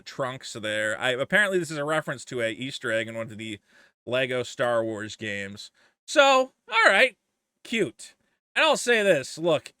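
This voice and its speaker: Animated, profane man ranting. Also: fairly high pitch, clear, resonant tone, dry recording, clean studio sound. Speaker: commentary vlogger. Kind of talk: casual commentary.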